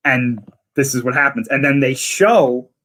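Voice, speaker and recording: A man's voice: mid-range voice, unhurried, fairly bright tone. A man in casual conversation, eagerly retelling scenes from a series in detail. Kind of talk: casual chat.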